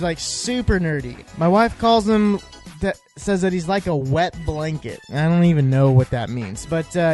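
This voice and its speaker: Over faint background music, a male podcast host chats loosely through a recap, rambling and joking in a fairly high voice. His sentences keep restarting, and he plugs the gaps with "uh."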